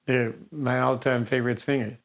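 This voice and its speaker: A man's voice: mid-range voice, little pitch movement, normal speed, gravelly. An older man from the Detroit area, a singer being interviewed, telling anecdotes with frequent chuckles. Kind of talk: storytelling interview.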